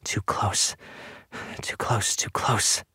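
A man reads a terrified, unraveling mother, her voice dropping to hushed, frantic, breathy whispers. The lines come close and dry, with no room sound around them. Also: mid-range voice, fairly even intonation, normal speed, no room sound, natural voice. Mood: frantic muttering.

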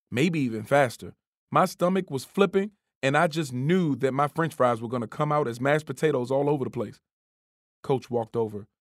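Lively storybook narrator, dry sound. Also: medium pitch, dry recording. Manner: lively, expressive reading. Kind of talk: first-person storybook narration.

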